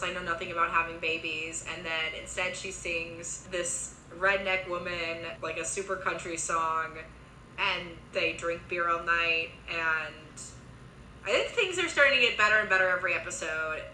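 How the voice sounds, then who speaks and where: Young woman, chatty recap, very bright voice, echoey room, slightly low pitch. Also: slight background noise. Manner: chatty, quick asides, lots of "like". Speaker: reviewer recapping a TV series. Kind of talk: casual recap and commentary.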